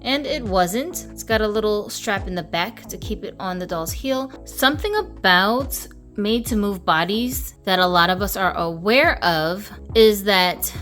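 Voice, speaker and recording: A woman's voice: mid-range voice, a bit bright. A woman hosting a doll review vlog, talking playfully with sassy, slangy jokes.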